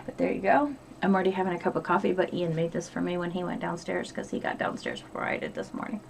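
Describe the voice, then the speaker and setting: A woman's voice: lowish voice, steady tone, quick pace, vocal fry, slight background noise. A middle-aged woman from upstate New York chatting casually in a diary vlog, rambling and swearing freely. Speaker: vlogger.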